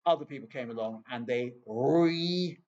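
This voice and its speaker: English guy lecturing on scripture, rambly and wry, mid-pitched voice, kinda muffled recording. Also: normal speed, darkish tone. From England. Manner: chatty, digressive, wry asides with laughs. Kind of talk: informal Bible lecture.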